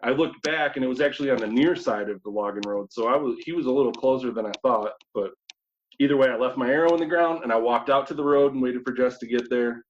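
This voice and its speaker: A man from New York State, a guest telling a hunting story in a casual, animated way, acting out his own thoughts. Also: mid-range voice, fast, a little hiss or hum. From New York State, USA. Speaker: guest hunter. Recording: slightly dull lo-fi audio.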